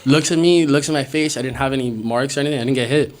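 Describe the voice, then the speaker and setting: A young man hosting a podcast, telling a story in a casual, animated way, with lots of swearing and laughter. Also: medium pitch, quick pace. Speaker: podcast host. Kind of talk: casual storytelling among friends. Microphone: podcast studio mic.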